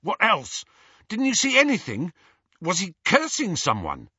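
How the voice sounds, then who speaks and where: A man voicing a worried, excitable teenage wizard boy who presses with loud, urgent questions. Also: mid-range voice, moderate pace, slightly rough, dry recording, dull audio, full character voice.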